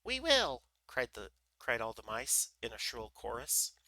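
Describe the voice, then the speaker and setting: A man reading a children's book aloud on a livestream, relaxed, with small slips and restarts. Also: fairly low pitch, normal speed, no echo, poor audio. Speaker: livestream storyteller.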